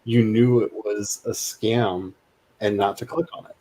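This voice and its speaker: Rambling low-voiced man hosting a stream. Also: steady tone, measured pace, warm tone, rough recording. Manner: rambling, restarts sentences. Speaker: stream host. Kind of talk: casual chat.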